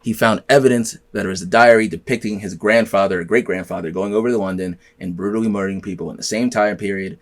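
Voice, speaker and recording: A man's voice: fairly low pitch, fairly even intonation, quick pace, hardly any pauses. A man hosting a podcast, telling stories in a loose, rambling way full of slang and swearing. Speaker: podcast host. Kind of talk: casual chat.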